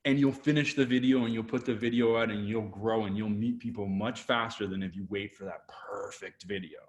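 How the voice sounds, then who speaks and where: A Canadian-accented man with a lowish voice talks fairly quickly as a guest photographer in a casual video interview. He's energetic and animated, acting out quotes as he goes.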